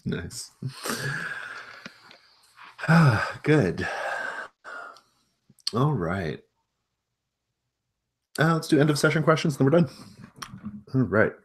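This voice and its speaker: A man running a tabletop role-playing game, relaxed and encouraging with his players. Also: mid-range voice, drawn-out words, pauses often, slightly rough. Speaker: game master.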